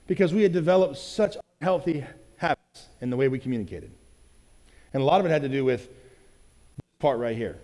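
A man's voice: on the high side, a little mellow, in a large hall. A male pastor giving a conversational sermon, often checking in with "right?" and acting out quoted lines in other voices.

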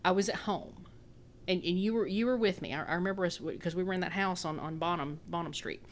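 A woman's voice: fairly low pitch, quick pace, a little hiss or hum. A woman in her thirties with a Texan accent, chatting casually as a podcast co-host, rambling and laughing often. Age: 30s. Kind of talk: casual chat.

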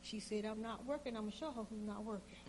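A woman telling a personal story in casual conversation, animated and acting out both sides of the exchanges, with informal speech. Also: mid-range voice, quick pace, a little hiss or hum.

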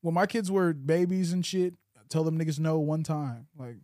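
A young man co-hosting a podcast, chatting loosely and profanely and telling animated stories. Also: on the high side, moderate pace, no echo, clean studio sound. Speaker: podcast co-host. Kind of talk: casual chat.

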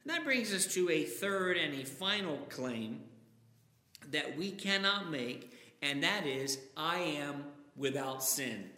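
A man's voice: on the high side, sing-song, slow, sharp tone. A man preaching a sermon, reading scripture aloud with dramatic emphasis. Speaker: pastor. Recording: echoey hall with long reverb.

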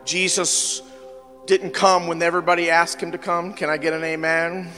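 Hombre predicando con voz aguda y sala resonante. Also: male voice, fairly high pitch, moderate pace, in a large hall, faint music behind. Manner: animated preaching, swings from hushed to loud. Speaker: pastor. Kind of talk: sermon. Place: church sanctuary.

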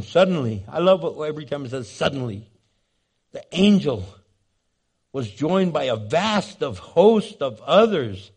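High-voiced animated preacher man. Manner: animated, jokey, acts out scenes. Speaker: pastor. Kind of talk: sermon.

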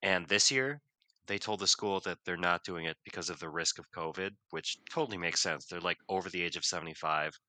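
A man's voice: low-pitched, fairly quick, no echo. A male vocal music teacher chatting casually, telling stories with lots of fillers and laughter. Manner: rambling, animated storytelling with many fillers and laughs. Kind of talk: casual podcast chat.

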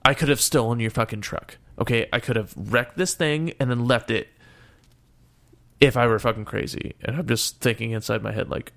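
Gravelly young man telling a story. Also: mid-range voice, normal speed, a bit bright. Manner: profane, exasperated retelling. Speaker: storyteller guest. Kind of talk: casual storytelling.

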